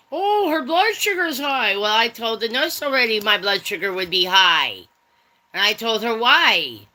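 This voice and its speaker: A woman's voice: mid-range voice, pushed and bright, rough recording. A woman hosting a casual livestream chat from home, talking straight to her viewers in a rambling, chatty way. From Germany. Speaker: livestream host.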